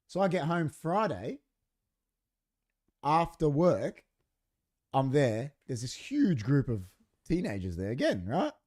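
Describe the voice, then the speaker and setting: A man spins a story in casual podcast chat, voicing each person he quotes as he goes. His voice sits a little high for a man and swings widely up and down. He talks in a studio. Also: slow pace, long pauses. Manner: animated, acts out quoted dialogue. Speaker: podcast co-host.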